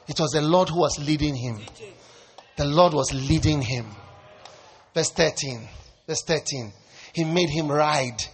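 A man pastor delivering a sermon, preaching with rising shouts and playful asides. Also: on the high side.

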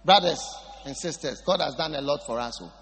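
A man's voice: fairly high pitch, fairly quick, creaky, big-room sound, noisy background. A man preaching a sermon, emphatic and repeating his phrases for stress.

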